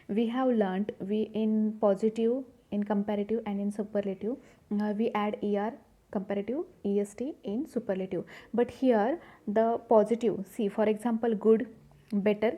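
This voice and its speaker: A woman's voice: medium pitch, fairly even intonation, normal speed, mellow. A woman teaching a grammar lesson, patiently repeating each rule and asking the class questions. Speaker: English teacher. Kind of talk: grammar lesson explaining rules.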